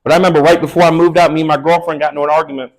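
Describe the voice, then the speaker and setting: A man's voice: fairly high pitch, level tone, very fast, poor audio. A young man performing a stand-up comedy set on a club stage, telling crude, loose stories with slangy asides.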